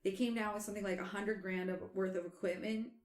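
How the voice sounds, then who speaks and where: A woman's voice: mid-range voice, fast talker, reverberant. Chatty woman podcast host telling a tale. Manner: animated, laughs often, trails off and restarts. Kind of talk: casual storytelling chat.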